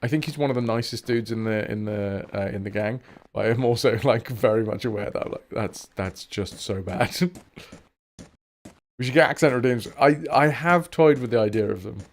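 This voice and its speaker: Streaming a game with its music behind him, a man with a southern English accent chats casually, jokes around, and swears now and then. His voice sits at medium pitch and moderate pace.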